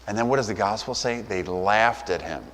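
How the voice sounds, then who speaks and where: In a reverberant church hall, a pastor preaches with a lowish, fairly bright voice at a moderate pace. His delivery is loose and conversational, and he briefly acts out the voices of people in his story.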